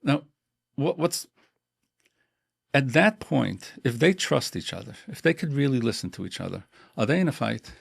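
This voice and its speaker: A middle-aged couples therapist talks in an animated way, repeating words and acting out little scenes. His voice has a gravelly texture. The sound is dry, with no room echo. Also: mid-range voice, normal speed. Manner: animated, repeats himself, acts out examples. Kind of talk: conversational advice interview.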